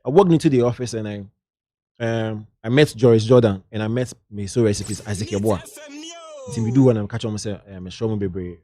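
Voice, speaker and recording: A middle-aged entertainment journalist with a Ghanaian accent trades lively anecdotes in a casual interview, dropping into local slang. His voice is on the low side and fairly quick, captured in a dry recording.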